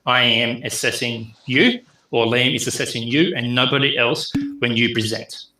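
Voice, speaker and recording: A man's voice: medium pitch, fairly even intonation, echoey room, background noise. A middle-aged man, teaching an online class in a chatty way full of fillers. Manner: chatty, filler-heavy, speeds up and slows down. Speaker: university lecturer.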